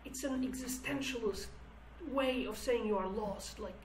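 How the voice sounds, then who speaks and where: A woman's voice: on the high side, moderate pace, a little mellow, reverberant, distant mic, a little hiss or hum, poor audio. A woman whose first language is Kurdish, explaining song lyrics word by word in English as a teacher, thinking aloud and restarting her phrases.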